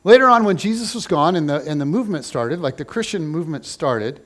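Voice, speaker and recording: Playful high-voiced preacher. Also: male voice, expressive, brisk, a bit bright. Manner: conversational, playful, frequent "like". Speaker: pastor. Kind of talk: casual sermon with acted-out scenes.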